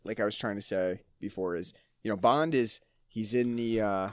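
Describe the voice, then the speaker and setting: A man's voice: lowish voice, normal speed, slight background noise. A man co-hosting a podcast, chatting casually about a film in a rambling, hesitant way with frequent laughs. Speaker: podcast co-host.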